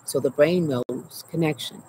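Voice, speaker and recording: A woman's voice: sits low, low-quality recording. Earnest woman therapist in a cricket-filled garden. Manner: earnest, emotional, often checks in with "right?", slows to breathe. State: anxious, heart racing while retelling. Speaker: therapist and show host. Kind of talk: personal trauma story mixed with teaching. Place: outdoor garden. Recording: outdoor recording with loud cricket noise. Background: crickets and insects.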